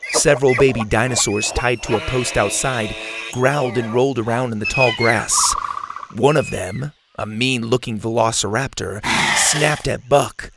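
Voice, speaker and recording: A man narrating a children's adventure audiobook in a steady storytelling manner. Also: mid-range voice, very noisy.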